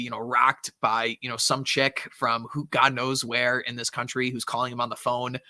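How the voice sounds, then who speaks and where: A man's voice: medium pitch, bright, forceful tone, no echo, clean studio sound. A man hosting a podcast in casual chat, rambling with lots of fillers and frequent laughs. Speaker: podcast host.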